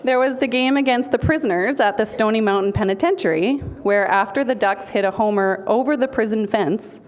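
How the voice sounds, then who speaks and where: A woman's voice: on the high side, brisk. Woman giving a playful punning speech. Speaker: speaker accepting an award for a team. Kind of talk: humorous prepared speech. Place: banquet hall.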